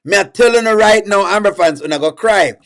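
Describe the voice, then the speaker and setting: A man's voice: sits high, a little fast, a bit bright. A man giving casual, emphatic reaction commentary, repeating himself and laughing often. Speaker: reaction video host.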